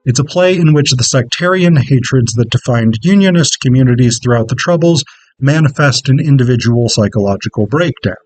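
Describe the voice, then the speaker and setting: Man, conference presenter, scripted academic reading, measured, dry close sound. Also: medium pitch, darkish tone, no echo, poor audio.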